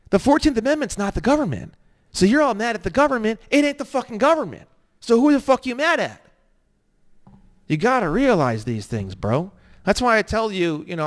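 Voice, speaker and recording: A man with a high-pitched voice lectures an online course. He swears freely and rants, sliding from quiet asides into loud, emphatic bursts. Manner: swearing, ranting, swinging between low mutters and loud emphatic bursts. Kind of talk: heated profane lecture.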